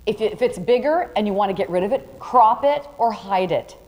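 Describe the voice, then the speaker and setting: A woman's voice: mid-range voice, animated, moderate pace, darkish tone. A woman teaching a photography workshop to a live audience, chatty and direct, walking students through demonstrations. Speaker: photography instructor. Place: large room with a live audience. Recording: reverberant hall, faint ambient noise.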